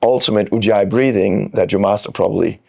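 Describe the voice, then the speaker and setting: A man coaching breath technique on a podcast, calm and demonstrative, drawing words out as he explains. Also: lowish voice, a little fast, vocal fry. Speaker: freediving coach, guest. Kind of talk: instructional podcast talk.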